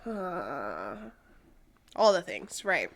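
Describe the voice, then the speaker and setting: A woman's voice: lowish voice, big pitch swings, very slow. Young woman, podcast co-host, candid storytelling, swears a lot, frequent fillers. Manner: candid and profane, with many fillers.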